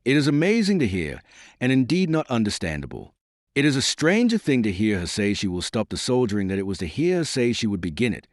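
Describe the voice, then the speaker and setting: A man's voice: medium pitch, big pitch swings, fairly quick, no echo, clean studio sound, lightly acted. A man reading as a blunt, puzzled old uncle. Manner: blunt, questioning.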